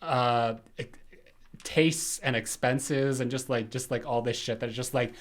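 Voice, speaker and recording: A man co-hosting a podcast talks casually at a middle pitch. He rambles, circling back with many fillers and restarts as he works through a thought. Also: fairly even intonation, measured pace. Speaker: podcast co-host.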